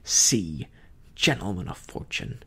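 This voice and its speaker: A reader whispering Long John Silver, gravelly and scornful. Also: low voice, animated, bright, forceful tone, pitched below the performer's own voice, exaggerated voice. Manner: contemptuous, slow, gravelly whisper. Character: cunning old male pirate captain, scornful. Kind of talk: whispered role-play.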